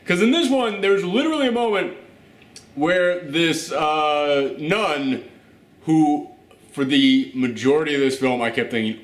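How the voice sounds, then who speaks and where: Male movie-review host: animated, casual, swears often, slips into mocking quotes; slightly high voice, roomy echo. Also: a little slow. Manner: animated, swearing, with acted asides. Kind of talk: casual spoiler review chat. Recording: echoey room.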